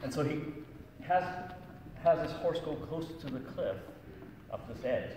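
Brief: middle-aged male pastor, playful storyteller, slightly high voice, heard far off in a big reverberant hall with noise behind. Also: measured pace. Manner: jokey, animated storyteller. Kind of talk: storytelling talk to children.

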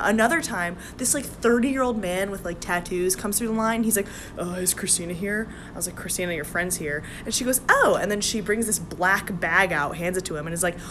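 A young woman telling a casual story to camera, blunt and deadpan, swearing freely. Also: mid-range voice, a little hiss or hum.

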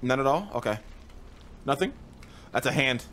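Game music runs behind a young male streamer whose medium-pitched, fairly bright voice is expressive and moves at a normal speed. He's jumpy and slangy in his casual commentary, yelping and laughing at the scares.

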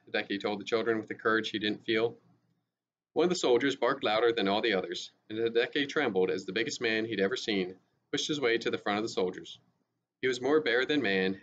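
A male teacher reading a novel aloud in a steady, even way, with small restarts. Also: lowish voice. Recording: dull lo-fi with faint hiss.

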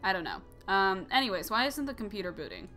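A woman's voice: mid-range voice, huge pitch swings, quick pace, pushed and bright. Young woman doing a let's play, giggly rambly jokes, mid voice, bit of music under. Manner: giggly, joking, rambling asides. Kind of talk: casual gameplay commentary.

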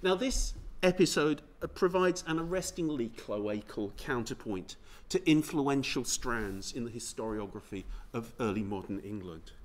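A man giving a history seminar paper, reading in a measured, precise way. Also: mid-range voice, expressive. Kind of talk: academic lecture read from a script. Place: seminar room.

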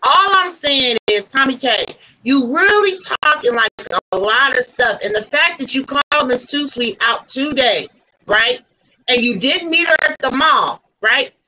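Woman, livestream host, confrontational, cursing, high voice. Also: bright, forceful tone, rough recording. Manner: confrontational, swearing, repeating demands. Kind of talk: heated livestream argument.

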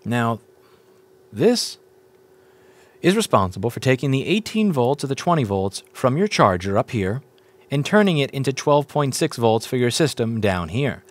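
A man's voice: medium pitch, sing-song, moderate pace. A man teaching board repair in a casual walkthrough, explaining step by step, repeating points and asking viewers questions as he goes.

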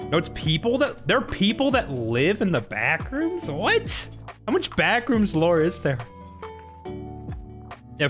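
A man's voice: a little high, fairly bright tone. A young man casually commenting on his own gameplay during a live stream, often laughing and exclaiming to his chat. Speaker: gaming streamer.

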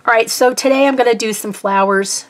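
A woman's voice: a little high, fairly quick. A woman from Texas with a Norfolk, Virginia accent, chatting casually and rambling a little as she paints on her art vlog. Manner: rambling, chatty, self-deprecating. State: tired. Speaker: art vlogger. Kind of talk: casual chat while painting.

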